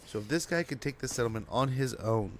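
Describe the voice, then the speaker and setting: A man's voice: mid-range voice, animated, a little fast, a little hiss or hum. A young man giving casual, rambling, self-deprecating commentary while playing a strategy game. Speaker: gaming streamer.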